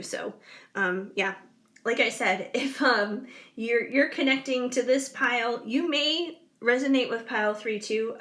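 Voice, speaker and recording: A woman's voice: a little high, fairly bright tone. A woman reading tarot cards for viewers in a chatty, rambling way, with lots of fillers, yawning now and then. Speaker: tarot reader.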